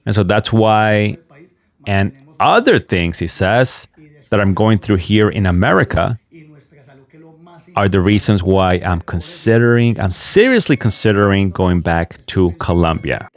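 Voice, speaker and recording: A fairly low-pitched man talks through video clips and translates them as he goes. His tone is mocking and sarcastic, and he jabs at what he has just relayed. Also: lively intonation, a little slow. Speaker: online commentator.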